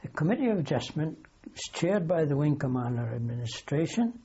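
A man's voice: on the high side, very animated, fairly quick, warm tone, muffled recording, slight background noise. An older man, a wartime aircrew veteran, telling a long anecdote in an oral history interview. He rambles, corrects himself as he goes and keeps a dry humour.

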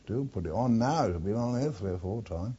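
An older Englishman with a low, dark, husky voice tells his old war stories bluntly, peppering them with swearing. He drifts off topic as he goes. The sound is dull and lo-fi, like an old archive tape. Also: lively intonation, a little fast. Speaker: interviewee, war veteran. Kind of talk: oral history reminiscence.

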